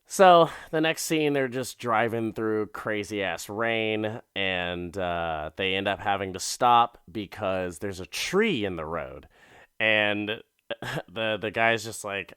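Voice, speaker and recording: A man's voice: lowish voice, expressive, slow pace, a bit bright, clear, resonant tone, no room sound, clean studio sound. Laid-back man recapping with profanity. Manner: laid-back, swearing, laughing, acting out characters. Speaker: podcast host. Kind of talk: casual comedic episode recap.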